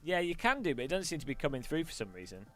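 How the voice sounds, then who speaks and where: Goofy male streamer, animated voice, faint music behind. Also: fairly high pitch, racing. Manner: goofy, playful, talks to himself. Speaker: sim racing streamer. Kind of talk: casual live stream chat.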